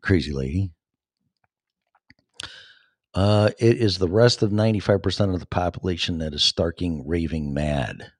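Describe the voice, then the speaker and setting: A podcast host in his fifties chats casually and rambles while reading and answering live chat comments, full of fillers and restarts. His low voice moves at a moderate pace with long pauses, recorded cleanly in a studio without echo.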